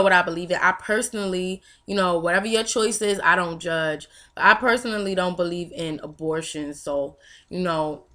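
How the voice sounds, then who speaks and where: A young woman vlogger gives a personal testimony, telling her story candidly and emotionally with lots of fillers. Her voice is fairly low in pitch and sharp in tone.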